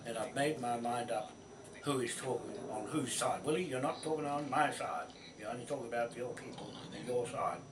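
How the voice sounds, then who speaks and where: A man's voice: medium pitch, normal speed, noisy background. Angry older New man ranting. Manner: angry, swearing, rambling rant. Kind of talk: angry monologue. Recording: roomy, distant mic.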